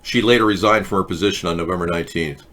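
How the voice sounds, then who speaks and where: Man, talk show host, sarcastic news commentary, bright forceful tone. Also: deep voice, rapid-fire. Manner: sarcastic, reads headlines aloud then mocks them. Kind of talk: casual political commentary.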